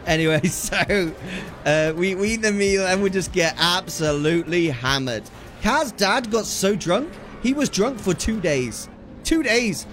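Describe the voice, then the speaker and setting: A man chatting casually with his stream viewers, animated and laughing often, with "dude" in many of his sentences. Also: high-pitched, unhurried, a little hiss or hum.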